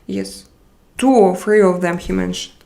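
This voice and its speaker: Slow, hesitant woman streamer. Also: lowish voice, very animated, gravelly, mellow. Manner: hesitant, searching for words with many pauses. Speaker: livestream host. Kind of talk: casual livestream chat, reading comments aloud.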